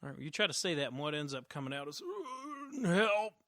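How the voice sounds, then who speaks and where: Bright-voiced man narrating as game master. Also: medium pitch, racing. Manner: relaxed, many fillers and restarts.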